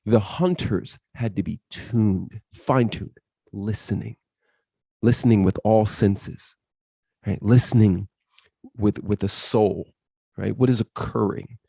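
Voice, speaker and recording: Low-voiced man telling an intense story. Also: takes it slowly, gravelly, dark tone, slightly rough, no echo. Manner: intense, quotes his inner voice and others. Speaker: podcast guest.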